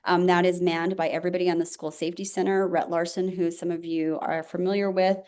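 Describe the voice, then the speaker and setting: A woman, a school safety director, briskly reporting to a board with many fillers. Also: fairly low pitch, flat delivery, a little mellow. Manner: rapid, auctioneer-like delivery with many fillers.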